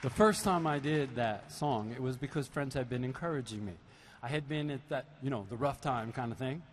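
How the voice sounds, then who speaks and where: A man's voice: medium pitch, brisk, a faint crowd. Man telling stories from a reverberant arena stage. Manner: storytelling, animated, playful asides. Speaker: percussionist addressing a concert audience. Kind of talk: stage talk between songs. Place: large basketball arena used as a concert hall. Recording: live hall recording with long reverb and faint noise.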